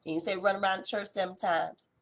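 A woman giving an impassioned devotional message, swinging between loud exhortation and hushed intensity, with a colloquial, folksy way of speaking. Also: mid-range voice, steady tone, fast talker. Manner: colloquial, uses folksy address. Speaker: preacher.

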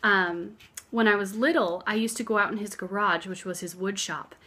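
A young woman chatting to her phone camera from her living room floor, warm-hearted and sometimes dropping to a hush. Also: mid-range voice, moderate pace, husky. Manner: chatty and heartfelt, drifting soft and hushed at times. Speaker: craft vlogger. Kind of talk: casual chat to camera. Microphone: phone camera on a stack of books.

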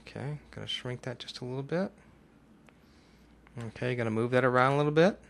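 A man runs a casual software tutorial into a desktop mic, talking himself through each step. His voice sits at a middling pitch. He breaks into excited whoops when something works. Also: a little fast, creaky. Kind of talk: casual screencast tutorial narration.

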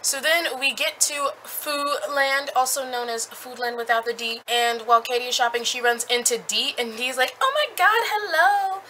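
A young woman recapping a book in a chatty, animated way with lots of fillers. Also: fairly high pitch, normal speed, hardly any pauses, slight background noise, poor audio. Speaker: book reviewer.

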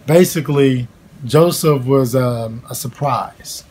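Background noise accompanies a mid-range male voice as a man in his thirties recounts a family story at home. The chat is casual and heartfelt, though he hesitates often, using many fillers and starting over.

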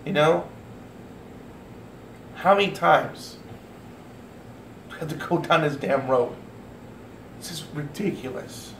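A man's voice: fairly high pitch, slow pace, long pauses, fairly bright tone. A man ranting angrily to his viewers, swearing often and stumbling over restarts. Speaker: vlogger. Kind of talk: angry rant to camera. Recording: echoey room with faint noise.

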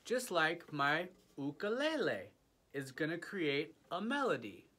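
A man leads a music lesson for small children, speaking slowly and coaxing them to join in. His voice is bright and his pitch swings widely as he plays along. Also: sing-song. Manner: slow, playful, inviting kids to join in.

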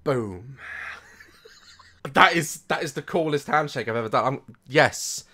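A young man giving reaction commentary on a video, mocking it, swearing, laughing often and swinging between loud outbursts and muttered asides. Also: fairly high pitch, measured pace. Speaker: YouTuber reacting to a music video.

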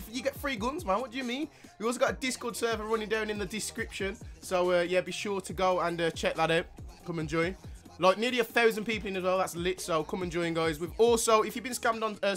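A man's voice: high voice, fairly bright tone. A young man hosting a gaming channel, giving a rambling, slangy, hyped intro. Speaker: YouTube gaming host. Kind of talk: casual video intro.

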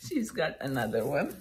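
A middle-aged woman from Canada opens a parcel at home, gushing and laughing a lot as she unpacks. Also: on the low side. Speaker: vlogger opening mail. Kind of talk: casual unboxing chat. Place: at home by a table.

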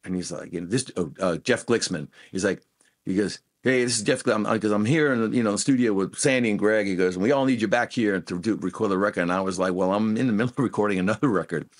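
A man being interviewed as a guest guitarist, telling animated anecdotes and acting out what people said. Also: on the low side, quick pace. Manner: animated anecdotes, acts out quoted voices. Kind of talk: casual interview storytelling.

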